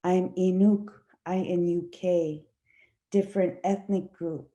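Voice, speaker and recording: A woman from Igloolik whose first language is Inuktitut, speaking as an actress on a panel in a slow, searching way with many fillers and restarts. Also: fairly low pitch, steady tone, dark tone, highs cut off. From Igloolik, Nunavut. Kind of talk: panel discussion answer.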